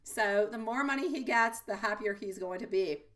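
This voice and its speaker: A woman's voice: medium pitch, normal speed, a bit bright, recorded from a distance. Woman doing a live tarot stream, calls everyone sweetie, sounds a little back from the mic. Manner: affectionate, chatty, calls viewers sweetie. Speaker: tarot reader.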